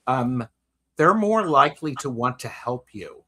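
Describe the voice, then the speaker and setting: A man with a bright, forward voice hosts a relaxed conversation. He tells anecdotes in a rambling way, often repeating words as he works out what to say next. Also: mid-range voice, measured pace. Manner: storytelling, repeats words while gathering thoughts. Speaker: host. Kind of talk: casual chat.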